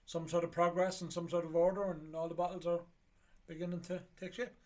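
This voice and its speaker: Chatty Irish man, fairly high voice. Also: little pitch movement, a little fast, darkish tone. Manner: chatty, jokey, rambling. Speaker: whiskey auction host. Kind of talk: casual chat.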